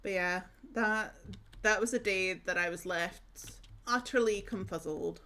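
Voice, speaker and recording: In a medium-pitched voice with a sharp tone, a young northeast Scottish woman with an Aberdonian accent chats while streaming a game. She talks a little slowly, drifting casually through stories.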